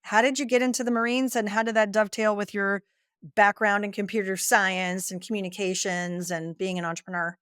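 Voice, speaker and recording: A woman's voice: mid-range voice, steady tone, brisk, a bit bright, clear, resonant tone, no room sound, clean studio sound. A woman hosting a podcast interview, asking engaged questions in a casual way. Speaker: podcast host.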